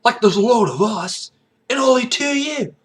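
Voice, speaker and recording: A man's voice: very high-pitched, lively intonation, normal speed, a bit bright, voice pushed up. A man doing a taunting Cockney street thug.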